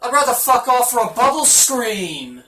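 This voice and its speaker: A man putting on a blustery British accent to lecture a quarterback, loud and profane. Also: very high voice, big pitch swings, moderate pace, echoey room, distant mic, voice pushed up, exaggerated voice. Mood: lecturing.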